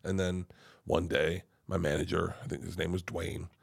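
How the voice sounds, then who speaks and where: A man's voice: low-pitched, normal speed, gravelly, slightly rough. A middle-aged man, a comedian, telling a rambling comic story as a podcast guest, swearing freely and acting out the voices of the people in it. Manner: animated, swears freely, acts out quoted voices.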